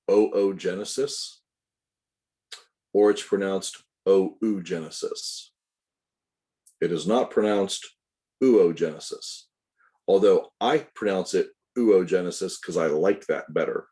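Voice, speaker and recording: Low, mellow-voiced male lecturer. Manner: explains step by step, corrects himself, asides to students. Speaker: anatomy instructor. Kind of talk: recorded lecture.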